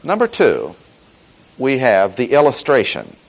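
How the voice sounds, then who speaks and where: A man preaching an expository sermon, teaching in a measured, emphatic way and slowing down to stress key words. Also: medium pitch, huge pitch swings, gravelly, rough recording.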